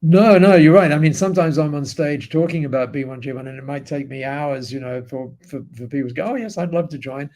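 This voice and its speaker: An Australian man, a podcast guest, telling a story in an animated way with frequent restarts and tag questions. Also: medium pitch, brisk, few pauses. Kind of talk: storytelling in an interview.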